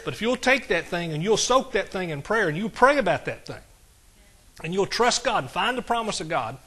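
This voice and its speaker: A man's voice: sits high, sing-song, a little fast, pushed and bright, breathy edge. A man preaching a sermon, folksy and conversational, with asides to his congregation. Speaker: pastor.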